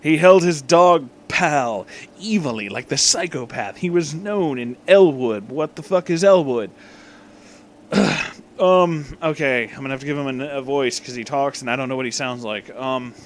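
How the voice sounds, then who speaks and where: A man's voice: mid-range voice, moderate pace, slight background noise. A young man comically reading a story aloud, swearing freely and breaking off for joking asides. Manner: irreverent, swearing, frequently breaking off to joke. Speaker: fan-fiction reader.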